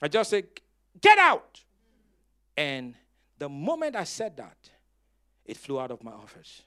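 A male pastor preaching a sermon in a dramatic style, telling stories with humor and breaking into loud bursts of emphasis as he calls on the congregation to respond. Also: mid-range voice, huge pitch swings, moderate pace. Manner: storytelling with humor.

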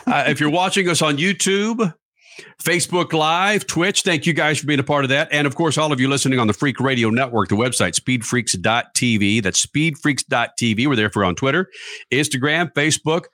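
A man hosting a motorsports radio show, talking energetically and reading promos quickly. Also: on the high side, no echo, clean studio sound. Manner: energetic, fast promo reads.

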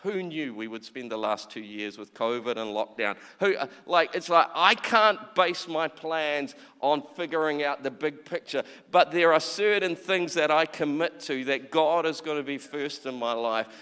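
A man's voice: a little high, normal speed, few pauses, sharp tone, clear, resonant tone. A man preaching a sermon in a chatty way, often acting out quoted voices and repeating words. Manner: conversational, acts out quoted voices, repeats himself. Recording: long reverb of a large hall.

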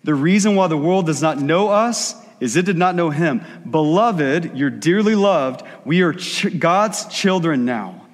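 A man's voice: a little high, lively intonation, measured pace, hardly any pauses. Man preaching in a reverberant hall. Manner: conversational preaching with acted asides. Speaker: pastor. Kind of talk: sermon.

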